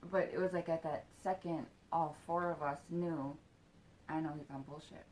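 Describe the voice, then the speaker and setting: A woman's voice: low-pitched, fairly even intonation, normal speed, a little mellow, slight background noise. A woman in her forties telling a personal story in a casual, rambling way, with lots of fillers and swearing. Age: 40s.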